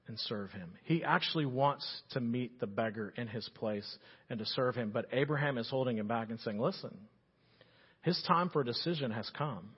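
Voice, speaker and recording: A male pastor preaching an animated sermon, swinging between loud emphasis and hushed earnestness. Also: mid-range voice, husky, muffled recording.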